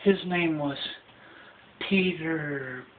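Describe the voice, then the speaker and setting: A man's voice: on the high side, very slow, a little hiss or hum, pitched above the performer's own voice. A man voicing Cinderella as a ditzy, carefree young woman who gushes breathlessly. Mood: giddy. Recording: tinny phone-like sound.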